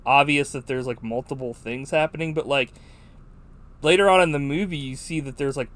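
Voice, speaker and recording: A man's voice: mid-range voice, fairly quick, fairly bright tone. Rambling, swearing male podcast host. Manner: rambling, profane, full of "like". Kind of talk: casual film chat.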